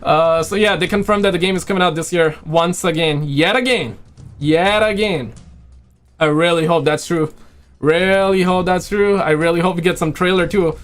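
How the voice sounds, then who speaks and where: A man hosting a casual live stream, rambling excitedly and chatting with viewers while saying he is losing his voice. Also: high-pitched, normal speed. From Quebec, Canada. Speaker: livestream host.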